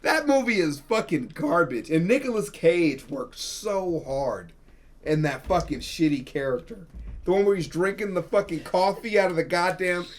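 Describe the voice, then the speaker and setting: A man's voice: high-pitched, normal speed. A man hosting a reaction video, talking casually, teasing and swearing freely. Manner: animated, profane, teasing. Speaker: channel host reacting to videos.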